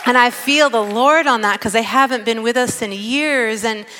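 A woman's voice: a little high, normal speed, sharp tone, a little hiss or hum. A woman preaching a sermon in an earnest, conversational way, stressing her points. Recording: long hall reverb.

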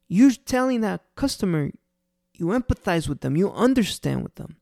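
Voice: mid-range voice, big pitch swings, normal speed, gravelly, a little mellow, no echo, clean studio sound. A restaurant owner giving casual, earnest customer-service advice and repeating the key points for emphasis.

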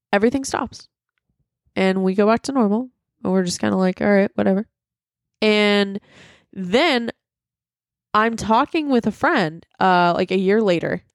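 A woman's voice: mid-range voice, no echo, studio quality. A young woman co-hosting a podcast at home, telling a story casually, swearing freely and losing her place. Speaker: podcast co-host.

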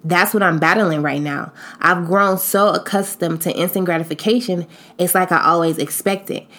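A woman's voice: on the low side, steady tone, normal speed, a bit bright. A woman in her late twenties hosting her own podcast, talking to her listeners in a candid, reflective monologue. She speaks emphatically and expressively, in casual slang. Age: 20s. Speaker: podcast host.

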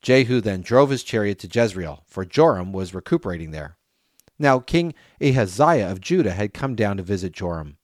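Low-voiced man reading scripture aloud. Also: moderate pace, no room sound, clean studio sound. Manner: steady reading, lifts voice for quoted speech. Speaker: scripture reader.

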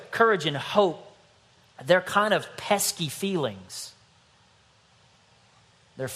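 Animated man preaching a sermon. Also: on the high side. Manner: animated, playful, acts out little scenes. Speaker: pastor.

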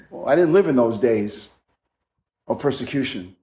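A man's voice: medium pitch, lively intonation, normal speed, dark tone, echoey room. A man preaching an earnest, emphatic sermon, his voice climbing as he builds a point.

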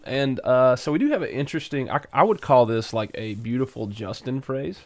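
A man's voice: mid-range voice, fairly quick. A young man co-hosting a podcast, chatting casually with lots of fillers and self-deprecating asides. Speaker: podcast co-host. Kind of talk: casual chat.

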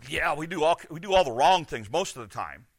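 A man preaching a sermon, firing off rhetorical questions and swinging between loud and hushed. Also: fairly high pitch, lively intonation, brisk. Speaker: pastor.

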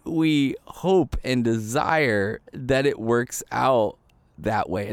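A man's voice: medium pitch, a little mellow, dry recording. Guy preaching like he's just chatting, lots of "like" and "um", mid voice, dry close sound. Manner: conversational and candid, many fillers, acts out little quoted voices. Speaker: pastor. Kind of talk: sermon.

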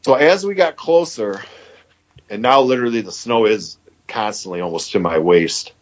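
A man's voice: on the low side, animated, normal speed, lo-fi sound. A man in his fifties from Michigan, a podcast guest telling a long story in a rambling, casual way and quoting what others said. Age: 50s. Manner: rambling, quotes others with "he goes".

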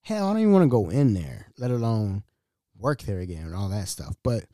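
A man's voice: lowish voice, brisk, dry recording, clean studio sound. A man hosting a podcast, telling a story in a casual monologue and acting out the dialogue in different voices. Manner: animated, acts out dialogue in voices. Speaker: podcast host.

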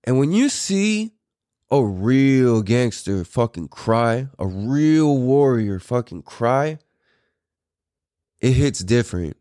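A man's voice: medium pitch, very animated, takes it slowly, dark tone, no echo, clean studio sound. A man in his thirties hosting a podcast, telling a story in a rambling, profane way with many fillers. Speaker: podcast host. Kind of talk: casual storytelling.

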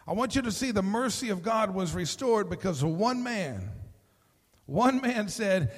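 A man preaching a sermon as pastor, telling stories with lively acted-out voices and often repeating words as he starts a sentence. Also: high voice, takes it slowly, in a large hall. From Texas.

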